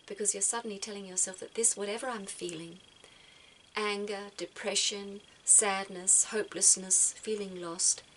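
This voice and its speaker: A woman speaks gently and reflectively, often repeating words as she gathers her thoughts. Her voice sits in an ordinary middle pitch. A faint noise stays in the background. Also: steady tone, moderate pace, poor audio. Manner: soft-spoken, repeats words as she thinks. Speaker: spiritual vlogger giving advice.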